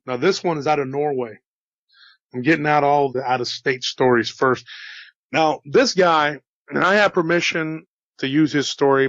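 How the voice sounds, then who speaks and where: A man recounting a strange encounter in a casual storytelling manner, slightly hoarse after an illness, dropping "you know" and "dude" as he goes. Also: medium pitch, dry recording, lo-fi sound. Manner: relaxed, chatty, says "dude" and "you know". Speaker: storyteller relaying witness accounts.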